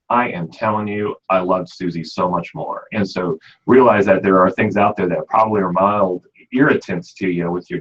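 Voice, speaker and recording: Folksy and casual, a radio host who knows pet stores talks about pets in a Midwestern American accent, often saying "you know." His voice is low and slightly rough, heard through dull, lo-fi radio audio.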